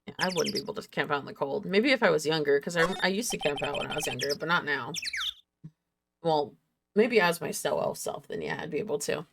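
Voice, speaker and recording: A woman's voice: low-pitched, expressive, fairly quick, vocal fry, background noise. A woman streamer reading game dialogue aloud with casual, chatty asides. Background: game music.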